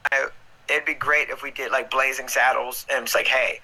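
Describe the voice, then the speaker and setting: Bright, sharp-voiced man cracking crude jokes. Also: medium pitch, level tone, normal speed, rough recording. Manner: crude, joking, swears freely. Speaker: co-host of a live stream. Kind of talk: casual stream chat.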